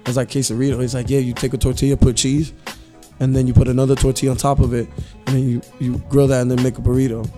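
A man telling stories in casual chat, animated and laughing often, acting out his customers' voices. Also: medium pitch, quick pace, soft background music.

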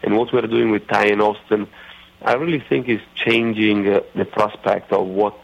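A man with an Italian accent, a racing driver guest on a radio interview, talking haltingly with many fillers and restarts. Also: fairly low pitch, steady tone, gravelly. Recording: dull lo-fi radio audio.

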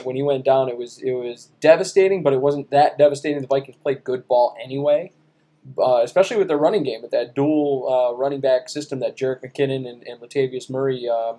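A man in his thirties co-hosting a sports podcast, talking in an excitable, playful way. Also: medium pitch. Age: 30s. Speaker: podcast co-host. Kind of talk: casual sports chat.

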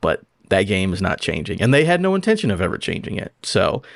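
A man's voice: low voice, sing-song, fast talker, gravelly, no echo, clean studio sound. A man co-hosting a podcast, rambling casually and acting out quotes. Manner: rambling, acts out quotes, says "like" often. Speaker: podcast co-host. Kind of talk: casual chat.

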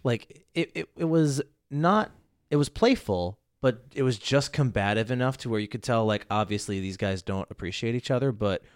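A man's voice: medium pitch, lively intonation, moderate pace, clean tone, dry recording. Easygoing man chatting about a film. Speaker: film reviewer. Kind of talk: casual film discussion.

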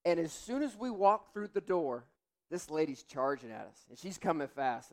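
A man's voice: on the high side, lively intonation, moderate pace. A man in his forties, a pastor, telling a family story in a sermon and acting out the voices in it.

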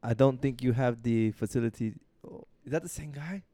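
A man's voice: mid-range voice, fairly quick, warm tone, no room sound. A man co-hosting a casual podcast, rambling and joking as he leads topics. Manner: laid-back, rambling, joking. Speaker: podcast co-host.

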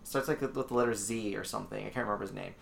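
A man's voice: lowish voice, racing, gravelly. A man hosting a casual chat among friends, rambling with lots of fillers as he explains. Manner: rambling, filler-heavy, relaxed. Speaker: podcast host leading the segment.

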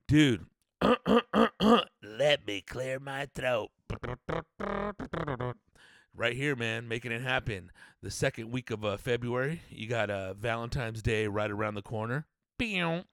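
A man's voice: mid-range voice, a little slow, no room sound, studio quality. A man hosting a podcast, delivering a crude comedic rant full of swearing and mock stammers. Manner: profane, animated, mock-stammering. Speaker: podcast host.

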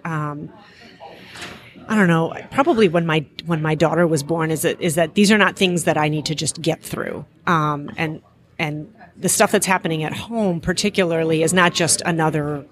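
A woman in her forties, a physician and guest, chatting casually with frequent fillers and easy laughter. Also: lowish voice. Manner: relaxed, laughs easily, many fillers. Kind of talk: casual interview chat.

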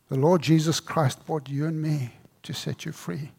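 A male pastor telling a story in a sermon, dramatic and dropping to a hushed voice at tender moments. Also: a little high, fairly even intonation, normal speed, gravelly, slightly rough.

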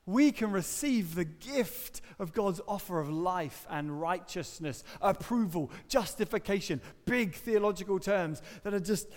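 A man preaching a sermon in a church, earnest and emphatic, with touches of dry humour. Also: high-pitched. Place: church hall. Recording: reverberant church hall.

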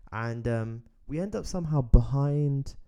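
A man's voice: medium pitch, expressive, measured pace, dark tone, smooth. A man hosting a podcast, telling a long story in casual chat, rambling and restarting as he goes. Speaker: podcast host.

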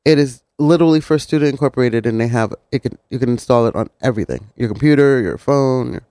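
A man's voice: mid-range voice, fast, mellow, no room sound. Male radio co-host chiming in. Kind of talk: live talk radio chat.

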